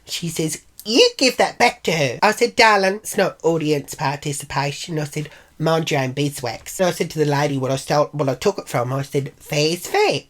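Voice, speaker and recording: Middle-aged Australian woman, deep voice, crude and cheeky storyteller. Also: moderate pace, few pauses. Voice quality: brash, profane, mimics others in high voices. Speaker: vlogger. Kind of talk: casual storytelling.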